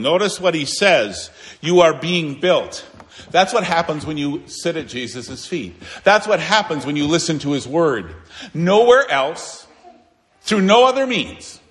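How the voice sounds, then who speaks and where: A male pastor delivering a sermon in a slightly high voice, earnest and emphatic. He climbs to raised declarations, then drops to quiet, low asides. The sound carries a long reverb from the church hall. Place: church sanctuary.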